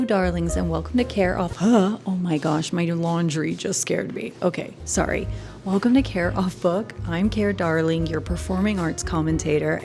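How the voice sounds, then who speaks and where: A woman giving casual performing arts commentary at home, chatty and animated, often laughing and sometimes dropping to a whisper. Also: on the low side, creaky. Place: home room.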